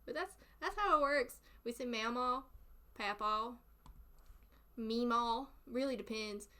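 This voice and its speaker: A woman's voice: fairly high pitch, unhurried, sharp tone, clean tone. A chatty woman with a thick Southern US accent, laughing often as she talks casually with her stream followers. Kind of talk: casual chat.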